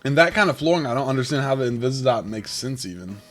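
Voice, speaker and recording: A man chatting casually as he plays a game, with a rough morning voice, rambling and thinking aloud. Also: mid-range voice, lively intonation, fast talker, soft background music. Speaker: game streamer. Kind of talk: casual gameplay commentary.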